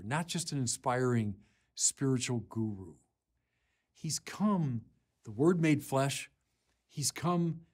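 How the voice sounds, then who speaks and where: A bishop delivers a Sunday sermon in earnest, deliberate phrases, slow and broken by pauses, gaining force when he quotes scripture. His voice is mid-range, a little mellow and husky.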